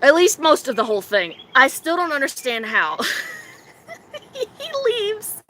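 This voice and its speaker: A young woman streamer telling a story casually and with animation, often giggling and acting out her own quotes in a silly high voice. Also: wildly swooping pitch, unhurried, pushed and bright. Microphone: phone.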